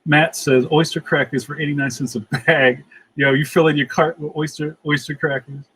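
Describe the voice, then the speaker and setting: A man's voice: a little high, level tone, moderate pace, fairly bright tone, husky, rough recording. A middle-aged man hosting a casual livestream, reading out chat comments, laughing easily, and saying "yo" a lot. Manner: laughs often, says "yo".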